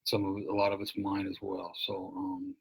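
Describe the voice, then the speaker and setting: An earnest man gives a reflective talk, his low voice gravelly and a little husky. He often restarts and repeats his words as he speaks. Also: completely flat delivery, moderate pace, poor audio. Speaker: author and abuse-recovery speaker.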